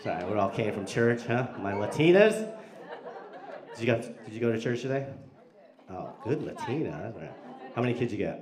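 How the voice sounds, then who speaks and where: A man's voice: fairly low pitch, big pitch swings, moderate pace, long pauses. A male stand-up comedian doing crude, profane crowd work in a live comedy club, teasing people in the audience. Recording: echoey club, loud background noise.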